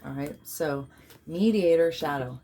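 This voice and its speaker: A woman's voice: low voice, a little slow, background noise. A woman leading a guided healing session, chanting affirmations and commanding prayers, yawning at times. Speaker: spiritual healer and card reader.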